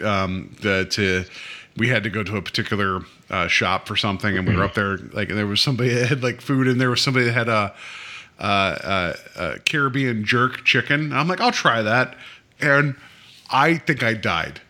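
A man hosting a podcast, telling a story in animated, playful casual chat. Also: fairly low pitch, a little fast. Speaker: podcast host.

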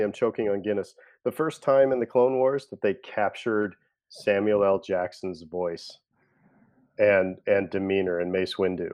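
A man's voice: fairly low pitch, steady tone, a little slow, a little mellow. A man co-hosting a casual podcast chat, musing aloud with many fillers. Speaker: podcast co-host.

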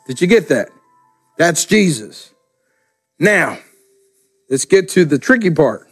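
An older man preaching a sermon in a room, slow and emphatic, dropping low and quiet to stress his points. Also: very animated, slightly rough, soft background music. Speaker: pastor. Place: room with camera, daughter filming.

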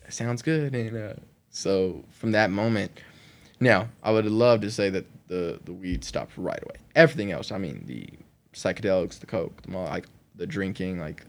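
A man as a podcast guest, telling an emotional personal story in an animated way, with frequent laughter and many "like" fillers. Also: deep voice, normal speed. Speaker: guest sharing his conversion testimony.

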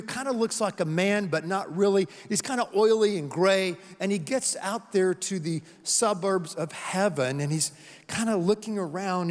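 Earnest, high-voiced preacher. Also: male voice, big-room sound. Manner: earnest storytelling with repeated words and emphasis. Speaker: pastor. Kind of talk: sermon.

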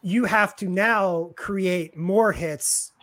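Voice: mid-range voice, drawn-out words, a bit bright. A radio show host casually interviewing a guest, rambling and repeating words while thinking aloud.

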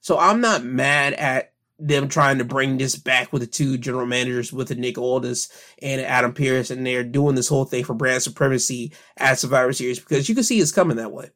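A young man hosting a podcast casually recounts wrestling events, describing them in the future tense and leaning heavily on fillers. His mid-range voice is fairly bright and a little fast.

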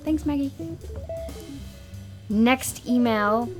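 A woman on a podcast reading out listener emails with an amused, lively delivery. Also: a little high, very slow, music in the background.

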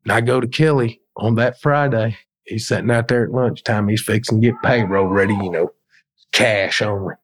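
A middle-aged man, a podcast guest telling work stories in a colloquial, animated way. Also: fairly low pitch, normal speed. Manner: colloquial, animated storyteller acting out quotes. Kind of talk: casual storytelling in an interview.

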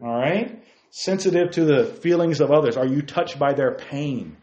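A man's voice: fairly high pitch, moderate pace, a little mellow, reverberant, muffled recording, a little hiss or hum. A man preaching a sermon as pastor, talking in a conversational way and asking the congregation questions.

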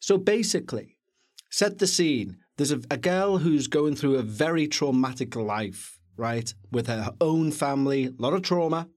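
A man co-hosting a podcast, reviewing a film in a chatty, jokey, animated way. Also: mid-range voice, measured pace. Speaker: podcast co-host. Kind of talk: casual film review chat.

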